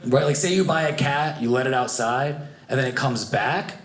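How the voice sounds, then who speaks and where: A young man doing a stand-up comedy set, animated and acting out the people in his stories. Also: medium pitch, moderate pace. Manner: animated, acts out voices of family and strangers. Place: comedy club stage with live audience. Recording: echoey club room, noisy audience.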